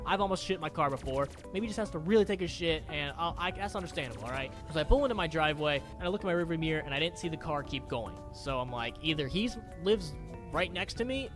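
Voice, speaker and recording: A young man telling a storytime tale in a rambling, profane, animated way, heard in a played clip. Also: a little high, fast. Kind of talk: casual storytime. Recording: clip with music behind. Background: music.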